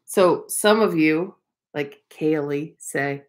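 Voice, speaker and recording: A woman reads a picture book to preschoolers at a very slow, unhurried pace. Her voice sits a little low, and she pauses to ask the children gentle questions. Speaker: preschool teacher.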